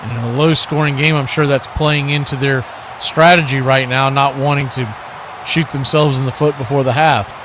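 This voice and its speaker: A man giving live football play-by-play as the announcer of a watch-party stream. He calls each play briskly and his voice jumps up on big moments. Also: medium pitch, fairly even intonation, background noise. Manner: brisk, calls plays as they happen, rises sharply on big plays.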